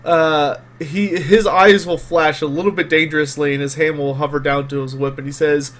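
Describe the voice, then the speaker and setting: A man's voice: a little high, fairly even intonation, moderate pace, hardly any pauses, a bit bright, slight background noise. A man narrating as game master in a tabletop role-playing game, casual with many fillers.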